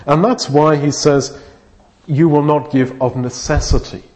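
A man's voice: a little high, fairly even intonation, measured pace, a little mellow. A man preaching a sermon, earnest and thinking aloud, often restarting his phrases.

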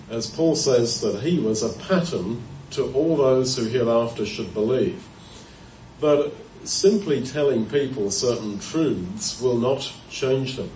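A man of mid pitch delivers a Bible teaching sermon, working through verses in a measured, explanatory way with pauses and small self-corrections. He sounds set back from the microphone in a roomy space with a faint hiss underneath. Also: a little mellow. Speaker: preacher. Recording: roomy, distant mic, faint background noise.

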